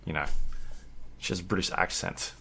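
A man's voice: normal speed, slight background noise. A man co-hosting a podcast, chatting casually and rambling with lots of fillers. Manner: rambling, filler-heavy, animated when telling stories. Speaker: podcast co-host. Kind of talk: casual chat.

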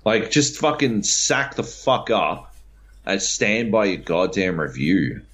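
A fired-up man co-hosting a podcast, swearing his way through a heated rant. His pitch leaps up and drops low as he goes, and the audio has a dull, lo-fi sound. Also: animated, slow, a bit bright. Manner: profane, heated ranting. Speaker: podcast co-host. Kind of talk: casual podcast chat.

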